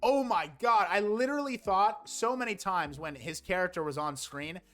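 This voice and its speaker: A man's voice: sits high, normal speed, a bit bright, faint music behind. A young man giving a casual, exasperated movie review, sarcastic and swearing often.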